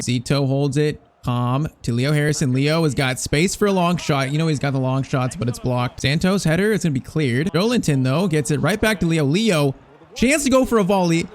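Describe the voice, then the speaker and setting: A young man giving casual, excitable play-by-play of his own football video game, anxious and full of slang. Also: on the high side. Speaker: gaming YouTuber. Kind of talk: casual gameplay commentary.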